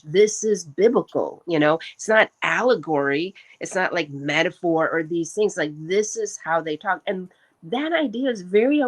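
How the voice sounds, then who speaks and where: A woman's voice: fairly low pitch, poor audio. A woman host in casual discussion, explaining earnestly with frequent ums.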